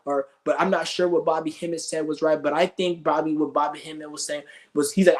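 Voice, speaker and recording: A man's voice: a little high, fairly even intonation, quick pace. A male streamer ranting with scorn, rambling and cursing as he goes. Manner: profane, scornful, rambling rants. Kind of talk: ranting commentary.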